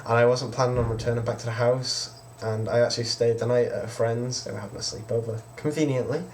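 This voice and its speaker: A man's voice: mid-range voice, fairly even intonation, fast talker, a little mellow, a little hiss or hum. Rambling teenage guy. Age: teens. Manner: casual, rambling, quotes others with "I was just like". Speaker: vlogger. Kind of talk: personal storytelling vlog.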